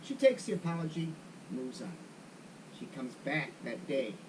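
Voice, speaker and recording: A man's voice: medium pitch, sing-song, unhurried, distant mic, background noise. A man hosting a casual golf chat show, asking questions and telling a long joke. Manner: jokey, tells jokes. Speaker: host.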